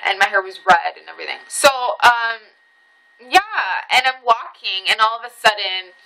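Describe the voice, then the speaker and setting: A woman's voice: mid-range voice, expressive, normal speed, gravelly, bright, forceful tone, low-quality recording. A young woman telling a rambling personal story in a casual vlog, swearing freely and breaking off into asides. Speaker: vlogger.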